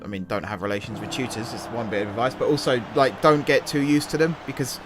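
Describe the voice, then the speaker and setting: A man's voice: medium pitch, fairly even intonation, quick pace. Chatty young man narrating a football game. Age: young adult. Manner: chatty, muses aloud and shifts between match calls and asides. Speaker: gaming YouTuber and streamer. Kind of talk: relaxed live commentary over a football management game. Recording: game music playing under the voice.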